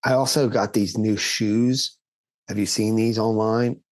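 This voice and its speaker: A man's voice: lowish voice, steady tone, measured pace, no room sound. A young man co-hosting a podcast, laid-back and laughing often as he tells stories in casual chat. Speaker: podcast co-host.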